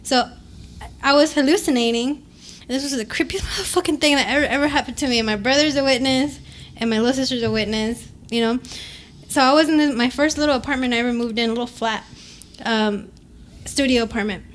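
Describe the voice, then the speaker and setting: High-voiced woman telling a profane story. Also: fairly quick, slight background noise. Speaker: podcast co-host. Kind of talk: casual chat.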